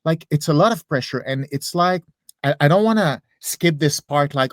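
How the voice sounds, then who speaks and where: A man's voice: fairly high pitch, moderate pace, no room sound. A man interviewing a comedian, asking long questions with many hesitations and restarts. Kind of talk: casual interview chat.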